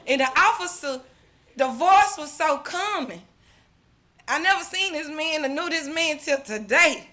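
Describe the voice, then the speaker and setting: Ibu bersemangat berlogat Selatan AS, suara tinggi dan cerah. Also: female voice, high voice, expressive, measured pace, pushed and bright. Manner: fervent, repetitive, restarts often, religious phrasing. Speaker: mother giving a testimonial at an awards ceremony. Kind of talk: emotional personal testimony speech.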